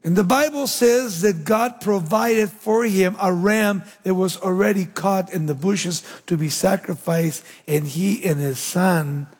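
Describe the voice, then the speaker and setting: A man preaching a sermon, swinging between loud emphatic lines and low, hushed endings. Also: breathy edge. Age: young adult. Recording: long hall reverb.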